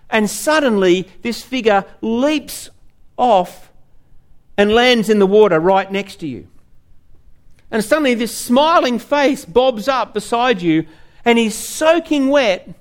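A male preacher, giving an earnest sermon full of vivid storytelling. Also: extremely high pitch.

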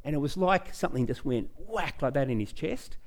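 A middle-aged man, preaching a sermon in a church and telling personal stories with growing excitement. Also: fairly high pitch, brisk. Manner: storytelling, animated, rising excitement. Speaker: pastor.

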